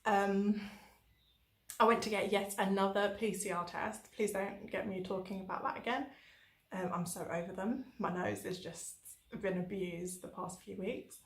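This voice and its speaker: A woman's voice: medium pitch, normal speed, echoey room. A woman from England chatting casually in a travel diary vlog, telling stories with lots of fillers. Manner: chatty, animated storytelling with many fillers. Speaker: travel vlogger.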